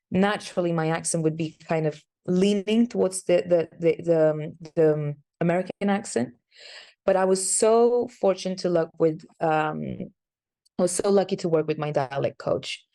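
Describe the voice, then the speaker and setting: A woman's voice: lowish voice, dark tone. A woman, an actress chatting in an interview, searching for words as she talks. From Sweden. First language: Swedish. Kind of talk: casual interview answers.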